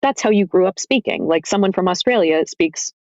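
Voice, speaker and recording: An audiobook narrator chatting as a podcast guest, thinking out loud with plenty of "like". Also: mid-range voice, a little fast, dry recording, dull audio. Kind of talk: casual roundtable discussion.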